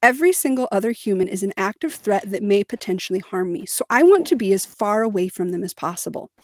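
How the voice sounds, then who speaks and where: Young adult woman, podcast co-host, candid and emphatic storytelling, mid pitch, dry recording. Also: expressive, quick pace, dry recording. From Missouri, United States. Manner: candid and emphatic, with laughs and fillers. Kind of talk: personal storytelling in a podcast chat.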